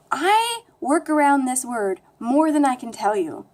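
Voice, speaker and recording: A young woman with a flat American accent, chatting casually to camera in a rambling, self-deprecating way. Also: high voice, moderate pace, few pauses. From United States. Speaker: language vlogger. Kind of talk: casual talking-to-camera vlog.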